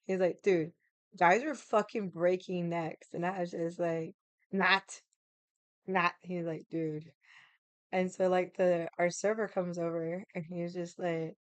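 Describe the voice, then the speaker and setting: Woman chatting casually, raspy from losing her voice, low-ish and smooth, dry close sound. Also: flat delivery, slow pace, long pauses, no echo. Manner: chatty, lots of fillers and acted quotes; loud laughs. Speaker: vlogger. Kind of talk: casual storytelling chat.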